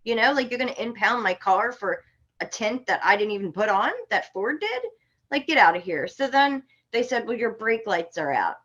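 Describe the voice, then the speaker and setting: A woman from Florida, a podcast guest, telling a story in an animated, indignant way with sharp outbursts. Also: fairly high pitch, moderate pace, dull audio. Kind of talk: casual storytelling.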